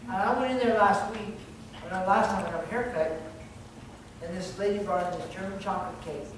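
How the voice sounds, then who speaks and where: A man's voice: high voice, brisk. A middle-aged man, a pastor, telling rambling, laughing anecdotes during a sermon. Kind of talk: sermon storytelling. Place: church sanctuary. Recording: very echoey, distant mic, noisy.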